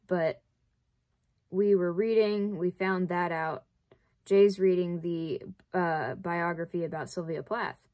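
A woman's voice: on the low side, darkish tone. Chatty young woman with a light Southern accent. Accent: light Southern American. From Southern United States. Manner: rambling, chatty, says "like" often; self-deprecating, wry asides. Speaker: vlogger. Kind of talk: casual chat while sewing.

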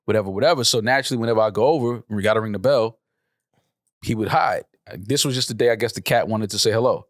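A man co-hosting a podcast in loud, animated banter, swearing often. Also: fairly low pitch, quick pace, no echo, studio quality. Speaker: podcast co-host.

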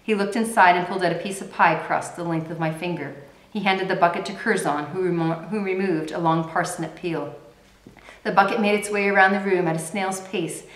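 Woman reading a book aloud, kinda low voice, echoey room. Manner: measured, dramatic read-aloud. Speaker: reader of a novel aloud. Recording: roomy echo.

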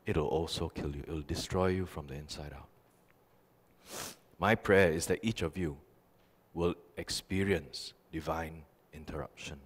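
A male pastor preaching a sermon, telling stories animatedly with emphatic repetition. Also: lowish voice. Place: church sanctuary. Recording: long church reverb.

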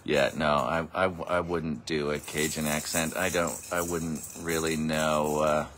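A man's voice: extremely low pitch, little pitch movement, measured pace, fairly bright tone, a little hiss or hum. A man casually chatting on a family livestream at home, laughing often and joking about accents. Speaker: parent hosting a family livestream. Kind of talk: casual chat.

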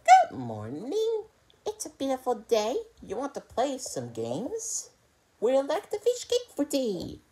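A crafty storybook fox with a sing-song voice, as a woman puts him on. The voice climbs and dips widely in pitch and drawls slowly, like a toy animal inviting a friend to play. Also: wildly swooping pitch, warm tone, slight background noise, exaggerated voice, poor audio. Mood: friendly. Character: sly male fox inviting to games.

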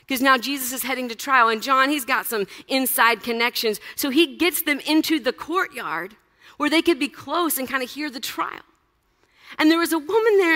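Woman pastor, high bright voice, lively casual storytelling, long reverb of a church hall. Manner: animated storytelling with casual asides. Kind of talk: sermon.

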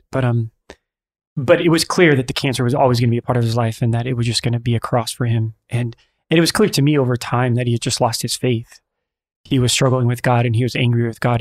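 In a relaxed conversation, a male priest and friar recounts a story. He is earnest and speaks at a middle pitch, halting and restarting frequently as he searches for words.

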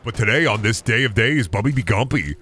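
A man's voice: medium pitch, animated, fairly quick, a bit bright, slight background noise. A man streaming a video game, chatting casually with viewers and thanking subscribers, often repeating silly made-up phrases in a sing-song way.

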